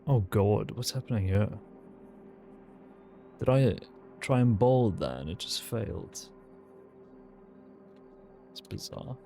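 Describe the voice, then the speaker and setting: A man from South Wales with a faded South Welsh accent, a streamer chatting casually in a roleplay game, relaxed and sweary. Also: on the low side, slow pace, pauses often, soft background music. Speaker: streamer playing a sheriff.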